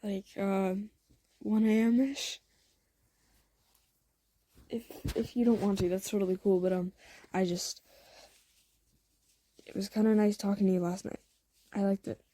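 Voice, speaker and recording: A woman's voice: mid-range voice, little pitch movement, warm tone, no echo, natural voice. A young woman voicing a nonchalant thirteen-year-old boy who asks things hesitantly, in a fan-made audio story. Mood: shy. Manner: hesitant, halting.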